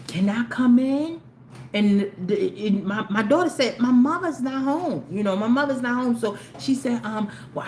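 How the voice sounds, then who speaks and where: A woman rambles through a story for her live viewers, her voice pitched in a middle range. She talks casually, circling back and restarting her sentences. The recording sounds roomy, with a faint hiss behind her. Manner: chatty, rambling, with many restarts. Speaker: YouTube live host. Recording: roomy with faint background noise.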